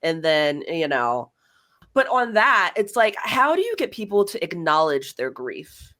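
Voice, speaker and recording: Speaking a little slowly in a fairly low-pitched voice, a young woman tells a story from her own life on her podcast. She's animated throughout and acts out the conversations she describes.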